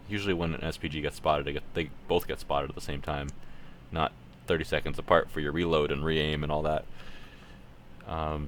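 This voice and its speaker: A man's voice: extremely low pitch, a bit bright, a little hiss or hum. A Canadian man from Ontario streaming a tank game, talking casually and thinking aloud as he plays. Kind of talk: live gameplay commentary.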